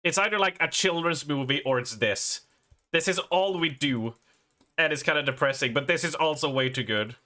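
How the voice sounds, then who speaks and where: A man's voice: fairly high pitch, normal speed, pushed and bright. A young adult Swedish man with a Swedish accent, casually chatting and laughing as he reacts on a live game stream, often stumbling over words. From Sweden.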